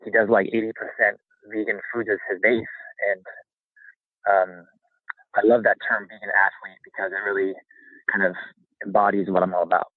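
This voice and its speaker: A man's voice: on the low side, moderate pace, long pauses, no room sound. A man in his thirties, a guest talking casually and energetically outdoors by a campfire in freezing weather, his voice a little shaky from the cold. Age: 30s. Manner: rambling, energetic, with fillers. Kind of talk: casual interview talk. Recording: tinny phone-like call line.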